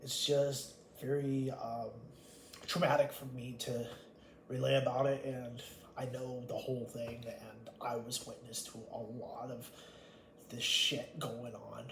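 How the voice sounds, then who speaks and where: A man telling a rambling storytime monologue about his family, blunt and full of swearing. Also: medium pitch. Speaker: vlogger. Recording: echoey room with faint ambient noise.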